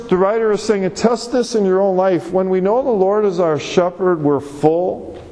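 A man's voice: sits high, darkish tone. Male pastor preaching in a reverberant hall. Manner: conversational and emphatic, repeats words when pressing a point. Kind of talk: sermon. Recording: long reverb of a large hall.

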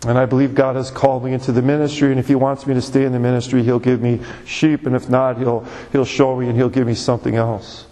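A man's voice: medium pitch, level tone, quick pace, few pauses, warm tone. A male pastor preaching a conversational, emphatic sermon to his church, repeating words as he presses his points. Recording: long reverb of a large hall.

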